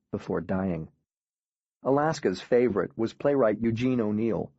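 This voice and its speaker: A man reading a first-person audiobook in a quiet, grave, measured way. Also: on the low side, lively intonation, husky, no echo, lo-fi sound. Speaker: audiobook narrator.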